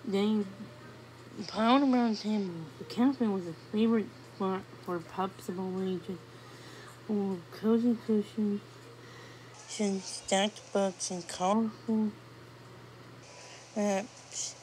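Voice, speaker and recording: Woman storyteller, slow unhurried read-aloud of a kids' book, soft and gentle. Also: mid-range voice, steady tone, slight background noise, rough recording. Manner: slow, gentle storybook reading with small stumbles. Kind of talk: reading a children's chapter book aloud.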